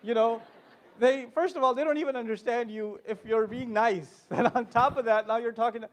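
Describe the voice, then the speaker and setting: A man with a very high voice gives a humorous conference lecture. He is animated and jokes with the audience as he talks to them directly. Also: a little fast. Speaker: conference speaker.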